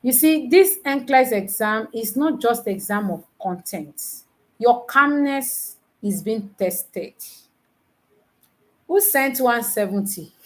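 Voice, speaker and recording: A woman tutoring nurses in a live online lesson, teasing her students and quizzing them with repeated questions, counting aloud slowly. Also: medium pitch. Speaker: nursing exam tutor.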